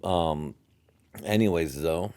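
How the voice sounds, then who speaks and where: Slow and low, with a darkish tone, a young American man runs his own solo podcast. He drifts from subject to subject, heavy on profanity, laughing at his own jokes.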